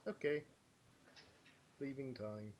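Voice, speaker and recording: This player's medium-pitched, darkish voice moves slowly as he role-plays in character during a tabletop game on voice chat. He's sarcastic, talkative and quick to laugh, and his computer mic gives a low-quality recording.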